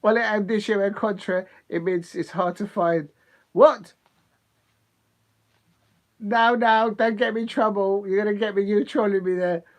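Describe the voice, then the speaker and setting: A man hosting a live football watch-along, chatting excitedly with viewers and laughing often. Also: high voice, measured pace, pauses often. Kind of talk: live casual chat with viewers.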